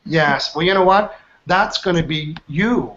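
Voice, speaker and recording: A man leading a live online training, energetic, quizzing his group with questions. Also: on the high side, unhurried. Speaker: trainer, workshop host. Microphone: online video call. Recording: dull lo-fi call audio.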